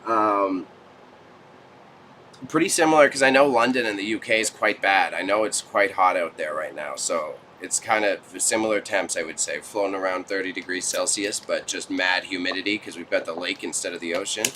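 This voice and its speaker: A young man talks casually to his live chat from an indoor studio set, laughing easily and joking along. His voice is fairly low but bright and forceful. A faint hum of room ambience sits behind him. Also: moderate pace. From Canada. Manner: chatty, laughs often, jokes with chat. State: sweating under studio lights. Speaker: livestream host.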